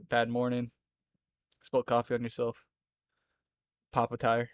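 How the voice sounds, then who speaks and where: A man's voice: medium pitch, monotone, slow pace. A young man from Florida with a Southern accent, chatting casually with viewers on a live stream, rambling and laughing often between lines.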